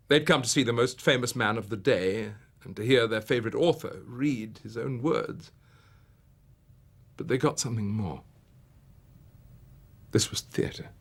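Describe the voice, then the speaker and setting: Male storyteller, theatrical one-man show, husky voice, very lively pitch, whispers to exclamations. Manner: dramatic, swinging from whispers to rising exclamations. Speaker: narrator and performer.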